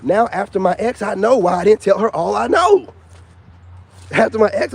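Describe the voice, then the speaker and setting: A man's voice: high-pitched, lively intonation, moderate pace, gravelly, breathy edge. A man in his thirties talking in a casual vlog monologue, emphatic and repetitive with a slangy delivery. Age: 30s. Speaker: YouTuber.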